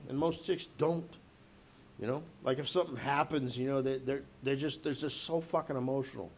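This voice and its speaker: A man's voice: mid-range voice, a little fast, a little mellow. A man ranting on his own in a loose, profane, rambling way, full of fillers, with faint noise behind him. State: a little drunk. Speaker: vlogger. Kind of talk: rambling audio rant.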